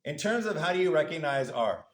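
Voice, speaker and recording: A man lecturing a university class in a loose, playful way, slipping into little voices to act out the parts of a model. His voice sits fairly high for a man. The sound is echoey, as if taken in a big lecture room. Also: very animated, fairly quick.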